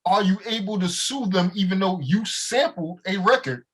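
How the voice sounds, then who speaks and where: A man hosting a casual interview who asks brief questions and keeps up a steady backchannel. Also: high-pitched, normal speed. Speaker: podcast host.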